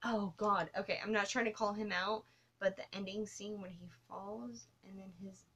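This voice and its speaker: A woman co-hosting a horror web series in casual chat, excitable and quick to curse and giggle. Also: medium pitch.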